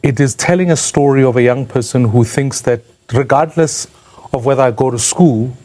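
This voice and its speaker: A man's voice: medium pitch, moderate pace, dark tone. A man from South Africa giving an earnest, reflective answer in an interview.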